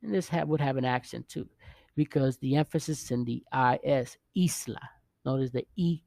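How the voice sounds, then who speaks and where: Male teacher, casual online lesson; gravelly, dark tone, dry close sound, stop-start delivery. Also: medium pitch, no room sound. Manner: halting, restarts often, checks in with "okay?" and "right?". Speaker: Spanish teacher.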